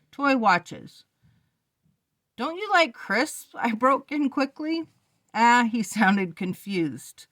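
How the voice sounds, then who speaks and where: Slow woman reading a novel aloud. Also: medium pitch, fairly bright tone, no echo. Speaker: reader.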